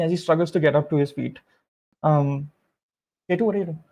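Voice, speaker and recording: A man's voice: fairly high pitch, fairly even intonation, normal speed, pauses often, darkish tone, low-quality recording. A man narrating a tabletop game as game master, rambling with many fillers and restarts.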